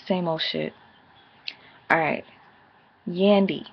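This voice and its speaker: A woman with a low, gravelly, slightly husky voice gives a casual, profane recap of a reality show. She is blunt and sassy and now and then mimics the cast members in animated bursts. The sound is dull and lo-fi, like a home recording. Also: slow, pauses often. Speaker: TV episode reviewer.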